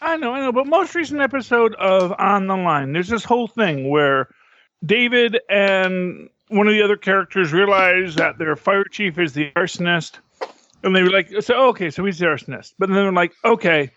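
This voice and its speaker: A man's voice: sits high, a bit bright, no room sound. A man co-hosting a podcast, chatting casually and making wry, argumentative asides. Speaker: podcast co-host. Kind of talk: casual chat. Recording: dry, dull lo-fi mic.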